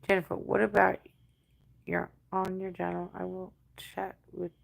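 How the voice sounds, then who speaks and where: A woman's voice: lowish voice, completely flat delivery, a little slow, creaky. A woman in her forties with an English accent, chatting bluntly and profanely to her livestream viewers, answering comments. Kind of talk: casual livestream chat.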